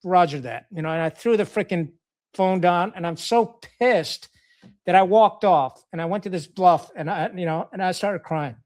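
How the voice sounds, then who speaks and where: As a podcast guest, this middle-aged Pakistani man, a retired Marine officer, swaps war stories conversationally, speaking bluntly, swearing, and filling his talk with fillers and restarts. He has a high, slightly mellow voice at a normal speed.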